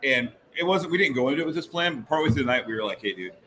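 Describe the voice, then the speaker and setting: A man's voice: a little high, rapid-fire, fairly bright tone, low-quality recording. A man in his forties, co-hosting a podcast, telling rambling stories in casual chat and laughing often. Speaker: podcast co-host.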